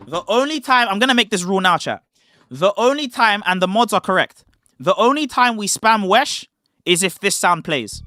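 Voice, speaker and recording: Animated high-voiced streamer. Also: male voice, moderate pace, soft background music. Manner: animated, emphatic, joking with chat. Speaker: streamer reacting to a debate clip. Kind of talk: casual live-stream commentary.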